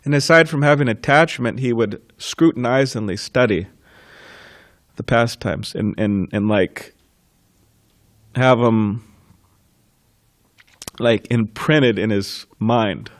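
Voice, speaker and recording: A man giving a temple scripture class, telling stories in an informal way and laughing softly between thoughts. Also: mid-range voice, slow pace, pauses often, dry recording, studio quality. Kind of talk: reminiscing temple class talk.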